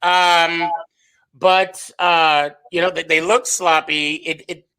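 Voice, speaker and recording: A man's voice: fairly high pitch, level tone, takes it slowly, sharp tone, smooth. A man co-hosting a casual sports podcast, rambling with many fillers and restarts. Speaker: podcast co-host.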